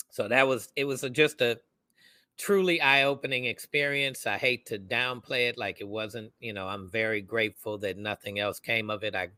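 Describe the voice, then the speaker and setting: Lowish, very bright-toned male co-host. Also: smooth, no room sound. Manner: animated, acts out quoted voices. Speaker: podcast co-host. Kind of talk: casual storytelling.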